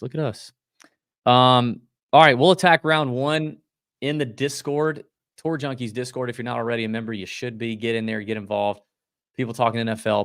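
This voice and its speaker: A man co-hosting a golf betting podcast, talking in a quick, loose, joking way. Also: medium pitch, creaky, dry recording, studio quality. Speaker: podcast co-host. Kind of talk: casual golf betting chat.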